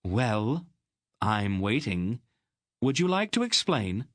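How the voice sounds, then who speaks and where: A man voicing a stern, sharp-tongued sorceress aunt in an audiobook, cold and commanding. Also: fairly low pitch, big pitch swings, takes it slowly, no echo, clean studio sound, pitched above the performer's own voice. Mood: stern, icy. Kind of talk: audiobook character voice.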